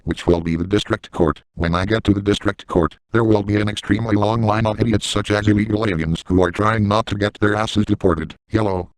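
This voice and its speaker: A man voicing a crude, boastful middle-aged man in a comedic first-person monologue, delivering insults in a flat, matter-of-fact way. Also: deep voice, dry recording, natural voice, rough recording.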